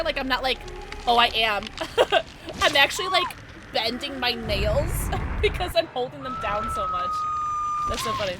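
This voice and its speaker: A woman livestreaming while gaming, chatting excitedly with her viewers in a loose, filler-heavy way. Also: high-pitched, normal speed, very noisy. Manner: excitable, chatty, talks to chat, many fillers like "like". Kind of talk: casual gaming livestream chat. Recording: game music audible behind voice.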